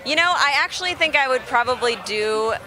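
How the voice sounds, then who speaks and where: A woman's voice: high voice, expressive, brisk, a crowd in the background. A young woman, a musician guest, chatting casually outdoors, laughing easily and full of fillers. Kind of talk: casual interview chat. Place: outdoors at a festival.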